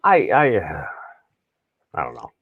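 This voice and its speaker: A man's voice: extremely low pitch, wildly swooping pitch, very slow, husky, dry recording. A man co-hosting a casual podcast, wry and often stammering on restarts. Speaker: podcast co-host. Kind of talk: casual political banter. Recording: dry, phone-like line.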